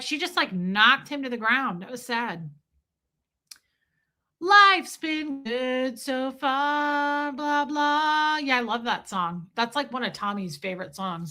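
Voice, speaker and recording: A woman in her thirties chats with her live viewers in a bright, forceful voice. She rambles from topic to topic, reads out comments and throws in the odd swear. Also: a little high. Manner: rambling, chatty, swears, mimics movie lines. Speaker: livestream host reading chat. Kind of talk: casual chat with live viewers.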